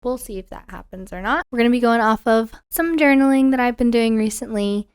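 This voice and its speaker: A young woman in her twenties hosting a casual solo podcast from home, chatty and rambling, her voice a little hoarse from a cold. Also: a little high, fairly quick, darkish tone. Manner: chatty, self-deprecating, rambling. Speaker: podcast host. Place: alone at home.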